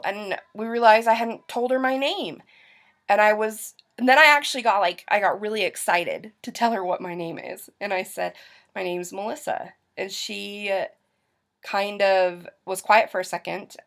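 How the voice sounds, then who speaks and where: A young woman from Utah telling a personal story to her camera in a chatty, rambling way, full of fillers and restarts. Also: mid-range voice. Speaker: vlogger.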